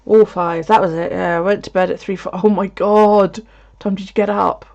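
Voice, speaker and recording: This British woman, a video creator, chats casually with her viewers from home, swearing freely and laughing a lot. Her medium-pitched voice is creaky and a little mellow, moving little in pitch at a normal speed. The recording has a dull, lo-fi quality.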